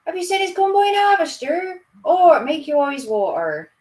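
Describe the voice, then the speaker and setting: A woman's voice: very high voice, very animated, normal speed, pitched above the performer's own voice. A woman voicing a boastful, jokey Norfolk farm lad with a broad Norfolk accent.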